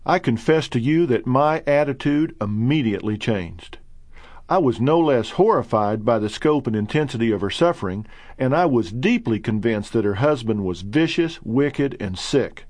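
Male narrator, middle-aged, earnest and measured, bone-dry booth sound. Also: medium pitch, expressive, a little mellow, dry recording. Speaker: narrator reading his own book. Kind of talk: audiobook narration.

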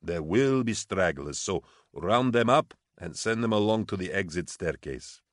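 A man voicing a brisk male officer who directs a search in an audiobook. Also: low-pitched, expressive, no echo, studio quality. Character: calm male officer who turns loud.

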